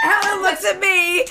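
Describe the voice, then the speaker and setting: A woman convention organizer in a casual group chat, an animated storyteller who laughs often and acts out the people she quotes. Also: sits high. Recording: loud crowd noise behind.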